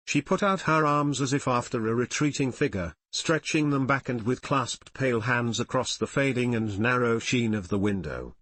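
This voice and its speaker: A man narrating a classic novel in the first person, in a measured, somber way. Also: medium pitch, fairly bright tone, dry recording. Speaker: audiobook narrator. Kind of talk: scripted narration.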